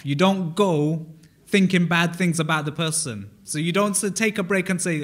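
High-voiced British pastor preaching conversationally. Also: male voice, moderate pace, fairly bright tone. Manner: conversational, asks the congregation questions, frequent restarts. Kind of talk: interactive sermon. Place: church hall.

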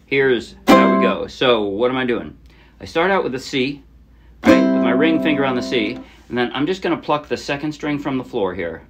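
A man teaching a ukulele song in a casual, chatty way, often trailing off softly and poking fun at himself. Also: mid-range voice, lively intonation, moderate pace, over loud music. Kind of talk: casual tutorial explanation. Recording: loud ukulele playing under the voice. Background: ukulele strumming.

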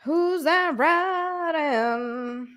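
A young adult woman chatting on a live stream from a room at home, excitable and chatty, thanking viewers by name and bursting into squeals. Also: high voice, drawn-out words. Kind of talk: casual live-stream chat.

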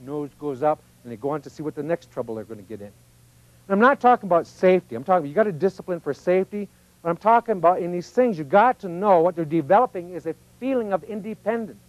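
A man's voice: high voice, expressive, fast talker, dry recording, muffled recording. A man giving an informal, folksy teaching talk, often acting out little voices of children and parents. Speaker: speaker on personal growth.

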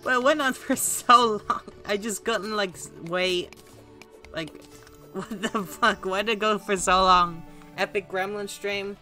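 A woman gaming streamer offers casual, sarcastic, self-mocking live commentary as she plays, with faint music behind her. Her mid-range voice is slow, pushed, and bright.

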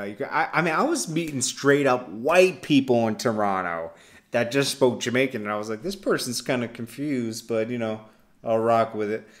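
A man hosting a hip-hop news channel, talking loosely with frequent "uh"s and chuckles. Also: medium pitch. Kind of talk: casual reaction commentary.

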